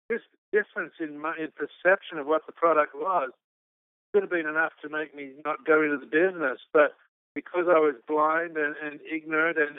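A man's voice: on the high side, clean tone, no room sound. A man from Australia, a business founder, telling his story in an interview, rambling and restarting often. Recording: phone-like narrow-band line.

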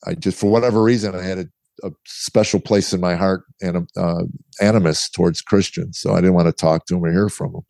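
A man's voice: low voice, steady tone, brisk, creaky, darkish tone, dry recording. A middle-aged man, a guest author, telling his story candidly in conversation and acting out the dialogue he quotes. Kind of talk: interview storytelling.

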